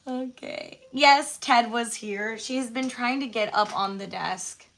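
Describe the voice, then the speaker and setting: A woman's voice: fairly high pitch, slow, fairly bright tone. A woman chatting casually while she colors on a live stream, musing aloud and laughing easily. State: out of breath. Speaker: host.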